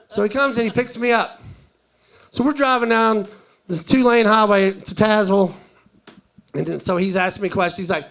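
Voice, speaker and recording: A stand-up comedian, a man, telling a story to a live audience. His voice sits high, and he talks in a chatty, animated way, acting out each line of dialogue. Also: a little fast.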